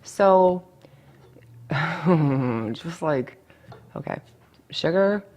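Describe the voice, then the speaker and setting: A woman's voice: rumbling low, moderate pace, creaky, a little mellow, breathy edge, dull audio. A woman dietitian talking casually in an interview, blunt and chatty, full of asides.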